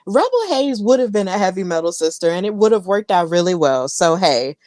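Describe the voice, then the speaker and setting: A woman's voice: on the low side, big pitch swings, fairly quick, darkish tone, no room sound. A woman in her thirties, a podcast co-host, chattily and enthusiastically recapping wrestling matches with many fillers.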